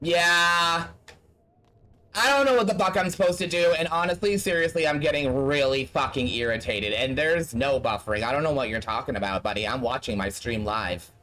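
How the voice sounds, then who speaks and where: A streamer talking through a game demo live, in a mid-pitched voice that sits neither high nor low. The talk is loose and profane, full of exasperated asides aimed at the game and the chat. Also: normal speed, pushed and bright. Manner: profane, exasperated running commentary.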